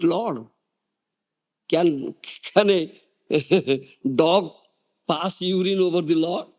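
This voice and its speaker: An older man from India giving a devotional lecture, animated, firing off rhetorical questions and laughing often. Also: sits high. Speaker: spiritual teacher.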